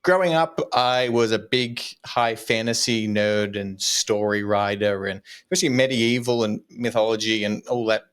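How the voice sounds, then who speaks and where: A man's voice: fairly low pitch, moderate pace, few pauses, a bit bright, clear, resonant tone. Laid-back man with a broad Australian accent. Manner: laid-back, casual, self-deprecating. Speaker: guest content creator. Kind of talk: casual podcast interview.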